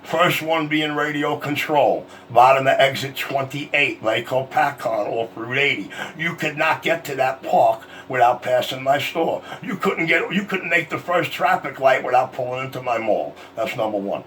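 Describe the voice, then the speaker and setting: A man's voice: medium pitch, moderate pace, few pauses, fairly bright tone, slight background noise. A man on a CB radio channel, boasting and trading insults in a heated on-air argument. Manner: boastful, profane, combative. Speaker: CB radio operator.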